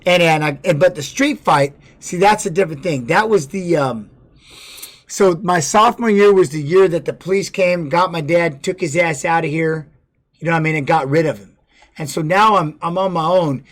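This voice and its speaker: Middle-aged man, fairly high voice, blunt and profane, casual livestream storyteller. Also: normal speed. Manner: blunt, profane, with many restarts and "you know what I mean". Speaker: former fighter streaming to viewers.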